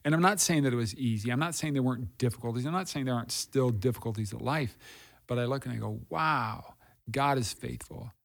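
A middle-aged pastor speaks candidly and earnestly about his faith and hard times, repeating phrases for emphasis in a conversational testimony. His medium-pitched voice is gravelly and quick.

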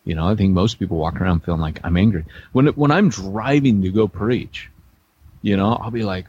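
A man's voice: fairly low pitch, animated, normal speed, darkish tone, slightly rough, dull audio. A middle-aged man co-hosting a podcast, telling rambling, self-deprecating stories with many restarts in a casual chat. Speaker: podcast co-host, church planter.

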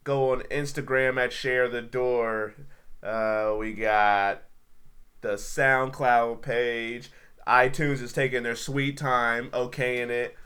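A man's voice: medium pitch, fairly even intonation, slow, bright, forceful tone, smooth. A man hosting a podcast in casual chat, blunt and opinionated, with slangy phrasing. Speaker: podcast host.

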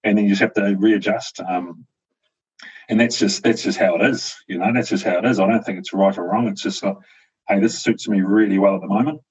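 A deep, husky man talks things over as a guest, in a flat and even tone. He thinks aloud, with plenty of fillers and restarts. The recording sounds dull and lo-fi. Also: a little fast. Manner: reflective, hesitant, many fillers and restarts. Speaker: guest, avocado farmer. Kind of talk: casual conversation.

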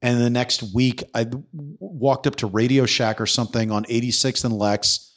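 A man's voice: mid-range voice, fairly even intonation, moderate pace. A man hosting a podcast, telling a story in casual conversation, acting out the voices he quotes and swearing freely. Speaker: podcast host.

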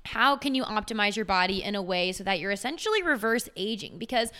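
A woman's voice: medium pitch, expressive, fast talker, bright, forceful tone, clean tone. A woman in her twenties, a fitness trainer, chatting on a podcast in an enthusiastic, slangy way with lots of "like". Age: 20s. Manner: enthusiastic, filler-heavy, uses slang. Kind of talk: casual podcast chat.

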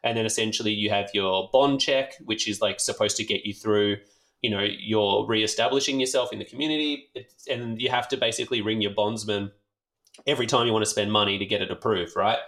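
An Australian man telling a rambling, animated story in casual chat, swearing freely and leaning on fillers. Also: fairly low pitch, a little fast. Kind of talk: casual anecdote.

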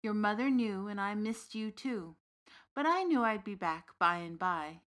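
Woman reading big fairy uncle, calm and knowing, storybook voice. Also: medium pitch, measured pace. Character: big warm Irish uncle, old fairy king's son.

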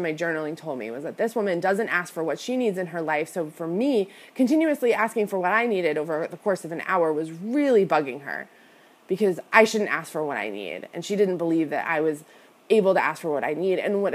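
A woman hosting a podcast, telling a personal story in a chatty, confessional way, full of "like" and "you know", and talking straight to her listeners. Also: on the low side. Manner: confessional, addresses listeners directly. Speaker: podcast host and business coach. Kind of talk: casual storytelling monologue.

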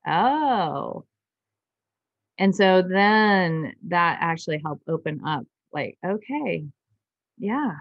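A woman's voice: lowish voice, animated, drawn-out words, no echo, dull audio. A woman guest on an interview podcast, telling a personal story in an earnest, emotional way, often restarting her sentences. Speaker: guest doctor.

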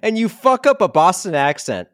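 A man co-hosting a comedy podcast, retelling movie scenes with animated storytelling. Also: high-pitched, normal speed, no room sound, clean studio sound. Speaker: podcast co-host. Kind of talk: casual comedic chat about movies.

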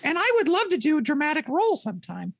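A man's voice: very high voice, huge pitch swings, fast, gravelly, no room sound, clean studio sound, heavily acted. A man voicing a chatty, eager toilet paper roll puppet with show business dreams, joking through an interview. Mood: jokey. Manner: bubbly, jokey, chatty. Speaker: puppet guest.

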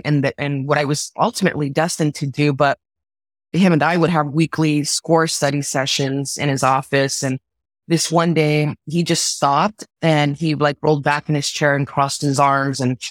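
Casting note: woman from southern california, earnest, halting delivery, dry close sound. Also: low voice, fairly even intonation, dry recording. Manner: earnest, halting, repeats words when moved. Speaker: guest, orchestra conductor. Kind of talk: personal storytelling in an interview.

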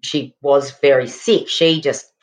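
A middle-aged woman co-hosting a podcast, speaking in a halting casual way with many pauses and restarts. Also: rumbling low, steady tone. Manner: halting, full of fillers and restarts. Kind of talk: casual chat.

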